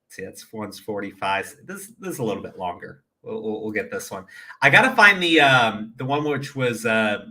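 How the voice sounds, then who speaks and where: A man's voice: lowish voice, pushed and bright. A man giving casual, profane reaction commentary, often laughing and restarting his sentences. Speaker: commentary streamer.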